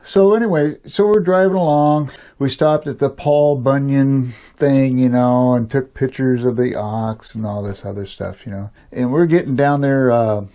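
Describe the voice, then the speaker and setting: Older man, mellow, rambling storyteller. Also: medium pitch, normal speed, few pauses. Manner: rambling, chuckles often, many "you know" fillers. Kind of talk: casual spoken storytelling.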